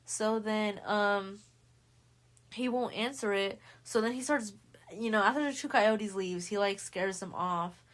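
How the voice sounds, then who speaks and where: A young woman hosting a podcast, retelling a novel's plot in casual slang, swearing freely and jumping into quick voices for the characters. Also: mid-range voice. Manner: animated, acts out characters' lines in quick voices. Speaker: podcast host. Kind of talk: casual book recap.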